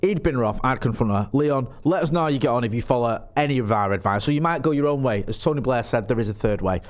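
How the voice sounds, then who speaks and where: A man on a casual comedy advice podcast, reading out listener questions between jokes. His pitch swings lively around a middle register, and he laughs easily as he talks. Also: fast talker. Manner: animated, laughs often, reads out listener questions. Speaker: podcast co-host.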